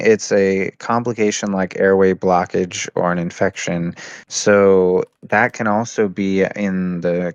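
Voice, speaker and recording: A man's voice: sits low, gravelly, dry recording. A man in casual chat, curious and asking questions. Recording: dry, dull lo-fi sound.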